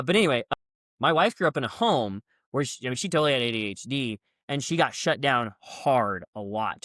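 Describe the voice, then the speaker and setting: A man speaking as a guest coach on a podcast, telling stories in a lively way and acting out quoted lines with a raised voice. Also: medium pitch, dry recording, studio quality. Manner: lively storyteller who acts out quotes with raised voice. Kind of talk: conversational podcast storytelling.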